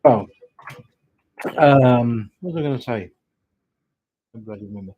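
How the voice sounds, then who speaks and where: A man hosts a live stream, chatting loosely and greeting viewers with the odd casual swear. His voice is husky and swings widely in pitch. The stream audio sounds dull and muffled. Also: lively intonation, a little slow. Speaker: livestream host, witch doing readings.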